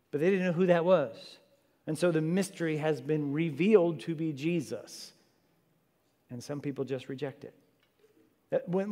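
A man's voice: fairly high pitch, a little mellow. A man preaching a sermon in an earnest, conversational way, with casual asides to the congregation. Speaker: pastor. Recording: reverberant hall.

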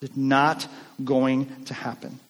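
A man preaching a sermon in a casual, animated way, acting out the lines of the people in the story. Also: medium pitch, slow, in a large hall. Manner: conversational and animated, acting out quotes. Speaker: pastor.

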